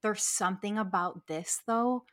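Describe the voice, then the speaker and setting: A woman's voice: medium pitch, measured pace, a bit bright. A woman with a Scranton, Pennsylvania accent, co-hosting a casual podcast chat, blunt and emphatic and swearing freely. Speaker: podcast co-host.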